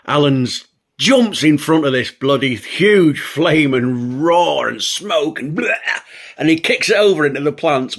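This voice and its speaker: An older man, a show host, telling a childhood story and laughing as he goes. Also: mid-range voice. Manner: amused, laughs between lines.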